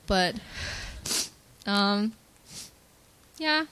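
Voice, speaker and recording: A young woman from Malaysia, giving an earnest and softly emotional personal faith testimony at a church gathering, hesitant and full of filler words. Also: medium pitch, expressive, very slow, slight background noise.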